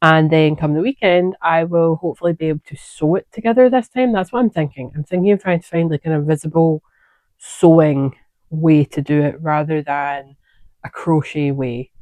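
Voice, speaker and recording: A woman with a low, slightly mellow voice speaks at normal speed with no room sound. Hosting a knitting podcast, she chats casually and drifts into asides while showing her projects, chatty, digressive and self-correcting.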